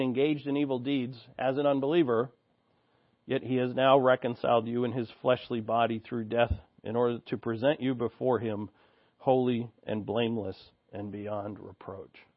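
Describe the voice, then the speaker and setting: A man delivers an expository sermon at an ordinary middle pitch, reading scripture and then explaining it with earnest asides and restarts. The recording is dry, with no room sound, and a little dull and lo-fi. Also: fairly even intonation, normal speed, no echo. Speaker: preacher.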